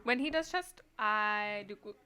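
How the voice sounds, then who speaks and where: A woman's voice: mid-range voice, measured pace, bright, forceful tone, clean tone. A young woman co-hosting a podcast in casual, giggly, teasing chat with friends. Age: young adult. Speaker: podcast co-host.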